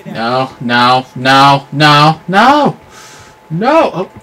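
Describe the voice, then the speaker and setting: A man giving live commentary over his own gameplay, excitable and yelling at the game, with clean substitute swears. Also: a little high, drawn-out words. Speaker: gamer.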